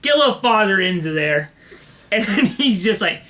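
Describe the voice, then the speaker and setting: A podcast co-host telling a comic story in a casual chat. The voice swings widely in pitch and is bright and forceful, and the host breaks into laughter often. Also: sing-song, normal speed.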